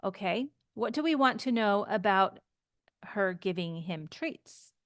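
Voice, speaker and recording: A woman's voice: medium pitch, expressive, measured pace, no echo, clean studio sound. A woman teaching English grammar, explaining patiently step by step with example sentences. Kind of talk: slow grammar lesson.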